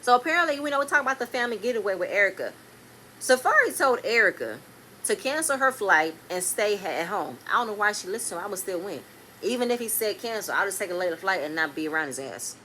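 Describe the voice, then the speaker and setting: Animated blunt woman reviewing reality TV. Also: medium pitch, fast, slight background noise. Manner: animated, blunt and swearing, swings between loud and quiet. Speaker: reality TV recap host. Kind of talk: casual episode review.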